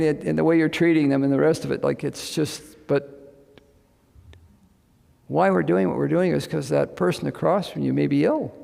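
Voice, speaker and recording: Chatty man, gravelly voice. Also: on the high side, a little mellow, in a large hall. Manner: chatty, folksy, often asks "you know what I mean". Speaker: medical missionary speaker. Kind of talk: casual talk to a group. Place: indoor gathering with a live audience.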